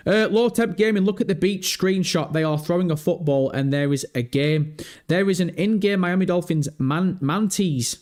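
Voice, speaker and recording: A young man chatting on his gaming stream, loose and profane, his voice jumping up sharply whenever something surprises him. He sits at a desk mic with the bass turned up too high, so he sounds deep and muddy. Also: moderate pace. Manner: excitable, swears freely, pitch leaps when surprised. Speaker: livestream host. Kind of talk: casual livestream chat. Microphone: bass-heavy desk microphone.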